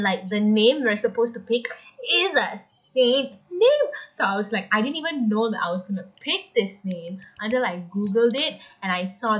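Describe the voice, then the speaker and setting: A young woman chatting on an amateur podcast, giggling and rambling through her stories. Her voice sits a little high with a husky edge. The recording is dull and muffled. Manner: giggly, rambling, filler-heavy. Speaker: podcast co-host. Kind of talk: casual chat. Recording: muffled lo-fi home audio.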